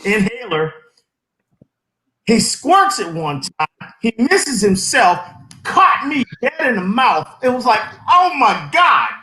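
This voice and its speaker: Animated storytelling man in an echoey room. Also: very high voice, slow pace, pauses often. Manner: animated anecdote telling, laughing at his own stories. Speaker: Army veteran panelist. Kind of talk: casual storytelling chat.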